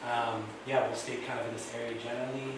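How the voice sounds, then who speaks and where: Fast-talking man making announcements. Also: medium pitch, little pitch movement. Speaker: event organizer. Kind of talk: housekeeping announcements. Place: school hall. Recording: echoey hall from far off, noise.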